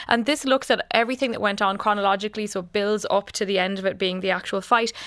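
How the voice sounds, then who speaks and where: Chatty woman reviewer in her forties, quick talker, laughs a lot, dry studio sound. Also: mid-range voice, fairly bright tone, no room sound. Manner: chatty, laughs often, many fillers. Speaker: film and TV reviewer. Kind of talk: radio review chat. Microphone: studio mic.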